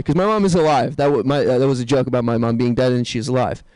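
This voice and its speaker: Deadpan stand-up comic, dry and crisp. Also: male voice, medium pitch, no room sound, low-quality recording. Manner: deadpan, dark one-liners with quick crowd asides. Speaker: stand-up comedian. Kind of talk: stand-up comedy set.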